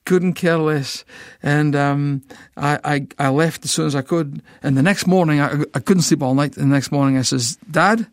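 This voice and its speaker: A middle-aged Scottish man, a ministry founder appearing as a guest, gives an emotional personal testimony, stammering and repeating words as he recounts it vividly. His voice is on the high side, moving at normal speed with hardly any pauses, in a dry, clean studio recording.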